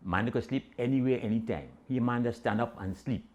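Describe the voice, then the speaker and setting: An older man with a Trinidadian accent telling a comic story in dialect, animated and acting out the characters. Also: medium pitch, brisk. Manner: animated Caribbean-dialect storytelling with voiced quotes.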